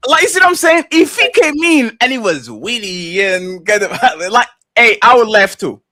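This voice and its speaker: High, bright-voiced animated man. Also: moderate pace, no echo, clean studio sound. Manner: animated, emphatic, breaks into mocking impressions. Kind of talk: casual opinion talk. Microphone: streaming microphone.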